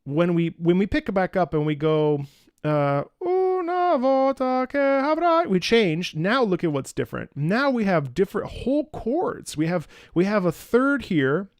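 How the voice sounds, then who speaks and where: A man's voice: high-pitched, lively intonation, normal speed, hardly any pauses, no echo, studio quality. A man hosting a casual music breakdown video, talking enthusiastically and asking rhetorical questions. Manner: enthusiastic, sings snippets and asks rhetorical questions. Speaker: music analysis video host.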